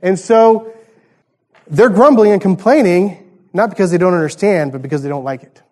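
A man's voice: sits high, moderate pace, mellow. A man preaching a conversational sermon, teaching through a passage and asking the congregation rhetorical questions. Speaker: pastor.

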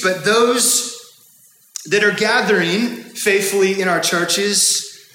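A man pastor preaching an earnest, measured sermon in a church sanctuary, stressing key phrases by repeating them. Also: high voice, bright, forceful tone. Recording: echoey church hall with long reverb.

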